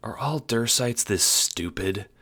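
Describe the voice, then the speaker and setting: Male narrator playing a sardonic, weary woman, quieter and flat. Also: fairly low pitch, takes it slowly, pitched above the performer's own voice, full character voice. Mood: dry. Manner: dry, sarcastic, weary. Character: dry, exasperated woman ex-postminister.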